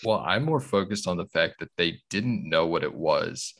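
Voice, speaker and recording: A man co-hosting a casual podcast chat, teasing the others in slow, laid-back banter. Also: deep voice, lively intonation, fairly bright tone. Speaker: podcast co-host.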